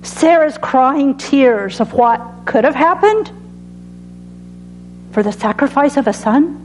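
Woman preacher delivering an earnest sermon with an altar call, measured and unhurried, soft music underneath. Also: high-pitched, expressive, poor audio. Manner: earnest, dramatic pauses, drops to soft tones on key phrases.

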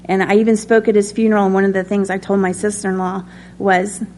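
A woman's voice: medium pitch, flat delivery, fast, a little mellow, a little hiss or hum. A woman teaching a conversational sermon. She speaks in a personal tone, with many ums and light laughs. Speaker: Bible study teacher.

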